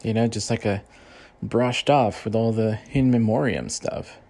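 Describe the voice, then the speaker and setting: A man's voice: on the low side, steady tone, measured pace, a little mellow. A man hosting a casual rant show, heated and loose, swearing heavily and filling gaps with "you know" and "like.". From Mexican-American. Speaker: podcast host.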